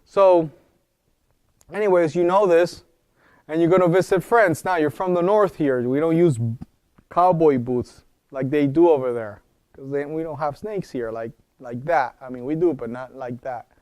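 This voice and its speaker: Leading a wellness center class, this man gives an informal, explanatory lecture and keeps asking his listeners questions. His voice sits on the high side, slightly mellow, at a moderate pace. The sound is studio quality and free of echo.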